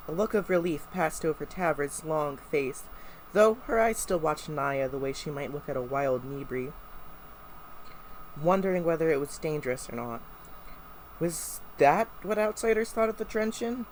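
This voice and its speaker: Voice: mid-range voice, animated, moderate pace, slight background noise, rough recording. Co-reader narrating a novel aloud. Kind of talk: live read-aloud of a novel.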